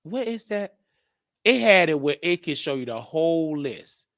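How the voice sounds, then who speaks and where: A man hosts his own live-stream show in a loose, rambling monologue, cracking jokes and thinking aloud. His voice sits somewhat high and swings widely up and down, and the sound is dry and close. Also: very animated, unhurried, a bit bright, dry recording. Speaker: show host.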